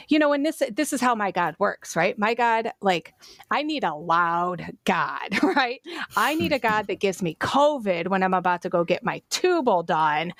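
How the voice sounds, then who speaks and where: A woman with a Cleveland accent telling her story in casual chat over a video call, blunt and quick to laugh. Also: medium pitch, a bit bright, dry recording. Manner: blunt, swears freely, laughs often. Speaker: podcast guest.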